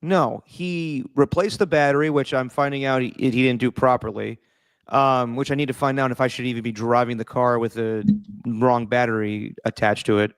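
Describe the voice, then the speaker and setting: A man's voice: mid-range voice, fairly even intonation, normal speed, clear, resonant tone, no room sound. A man co-hosting a podcast, telling a story in an exasperated, swearing way with stammers. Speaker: podcast co-host. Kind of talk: casual chat.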